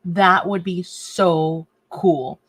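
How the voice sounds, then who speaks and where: A woman's voice: on the low side, steady tone, very slow, a bit bright, breathy edge. Chatty woman hosting a craft livestream. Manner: chatty, reads viewer comments, fusses over a sore torn nail. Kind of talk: casual live chat while crafting.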